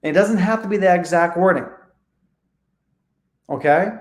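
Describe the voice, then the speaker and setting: Man, high voice, energetic coach, swears, acts out calls, echoey room. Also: unhurried. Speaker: real estate coach. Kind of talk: live online training.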